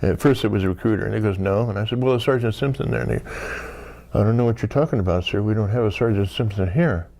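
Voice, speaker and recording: A man in his sixties from the United States, his voice on the low side and dark in tone, speaks at a quick pace. During a casual storytelling interview, he rambles as a guest through a long anecdote, using "you know" a lot and acting out pieces of dialogue.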